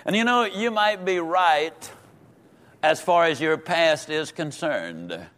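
A man teaching a Sunday school lesson in a folksy, emphatic way, slowing down and repeating words for stress. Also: on the high side, expressive, a bit bright.

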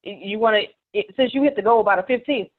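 A woman's voice: medium pitch, fast talker. Brief: motivational woman, emphatic coaching delivery, phone-quality audio. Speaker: group call participant. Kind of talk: motivational casual talk. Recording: tinny phone-line audio.

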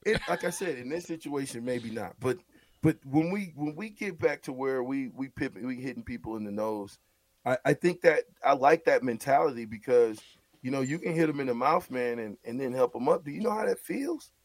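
A man co-hosting a sports radio show, talking football in an animated, repetitive, coaching way. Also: mid-range voice, moderate pace, no echo. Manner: animated, repeats words, coaching tone. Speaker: sports radio co-host, former player. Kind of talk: casual sports talk.

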